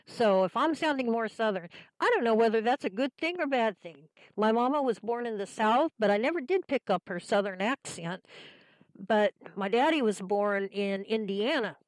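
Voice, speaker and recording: A woman's voice: mid-range voice, animated, moderate pace, no room sound, low-quality recording. A woman from Kansas hosting a folksy talk radio show, chatting in a homey, meandering way with lots of fillers.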